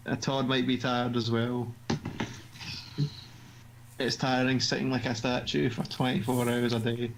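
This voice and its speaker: A man's voice: mid-range voice, level tone, a little slow, pauses often. A Scottish man trades teasing, sweary banter while playing a game. His voice sits mid-range. A faint hiss runs under the recording. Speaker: let's play host. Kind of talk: casual gameplay commentary.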